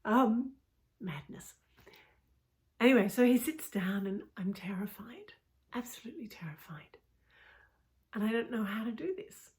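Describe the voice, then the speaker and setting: A woman's voice: fairly high pitch, animated, a little slow, long pauses, a little mellow. Woman telling a story, often whispering. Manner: intimate, often drops to a whisper; frequent "you know" asides. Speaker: coach. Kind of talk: personal storytelling.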